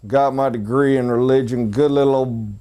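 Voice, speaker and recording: A man leads a sales training session in a mellow, warm voice of ordinary pitch. He is blunt and joking and stresses his points. He turns to the room often with quick asides. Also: steady tone. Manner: talks straight to the audience with quick asides.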